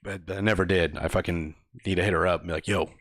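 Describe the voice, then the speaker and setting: A young man co-hosting a podcast, telling a work story in casual, profane chat, laughing often and acting out quotes in a higher voice. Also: steady tone, fast, fairly bright tone, no echo, clean studio sound. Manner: laid-back, swears a lot, laughs often, acts out quotes in higher voices. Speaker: podcast co-host.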